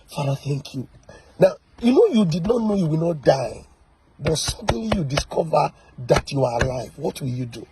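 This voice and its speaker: A man preaching a sermon, emphatic and full of rhetorical questions, swinging between loud and soft. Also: on the high side, slightly rough, low-quality recording. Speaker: pastor.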